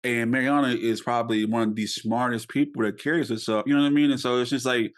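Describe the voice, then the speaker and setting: A man's voice: medium pitch, steady tone, fast. A young man hosting a podcast, talking casually and rambling with many fillers and restarts. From United States. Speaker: podcast host.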